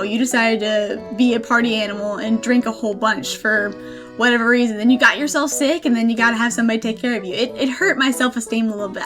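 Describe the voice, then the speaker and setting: A woman in her twenties telling a personal story in a casual vlog, chatty and self-deprecating, laughing often. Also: a little high. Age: 20s. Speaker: gaming channel host.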